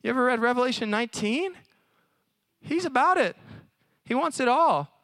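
A man preaching at a college service in a conversational, animated way, often acting out little voices. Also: very high-pitched, moderate pace, no room sound. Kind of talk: sermon.

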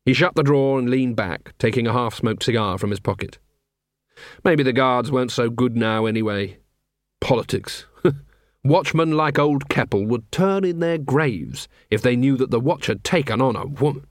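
A man narrating an audiobook in a wry, expressive storytelling manner. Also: medium pitch, normal speed, no room sound, clean studio sound. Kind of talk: scripted narration.

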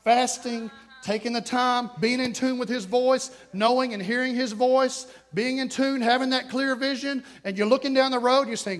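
A man preaching a sermon to a congregation, swinging between shouted exhortation and hushed asides. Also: extremely high pitch, steady tone, moderate pace. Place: church sanctuary.

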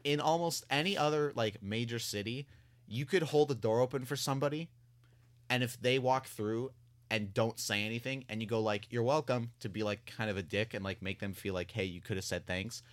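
A young adult man co-hosting a podcast, chatting casually and telling animated stories with some swearing. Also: mid-range voice, fairly quick. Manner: animated storyteller, swears freely. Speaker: podcast co-host. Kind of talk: casual chat.

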